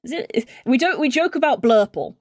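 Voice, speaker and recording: A woman's voice: sits high, lively intonation, moderate pace, a little mellow, no echo, clean studio sound. A young woman streaming while editing video, rambling and musing aloud to her chat in a casual way.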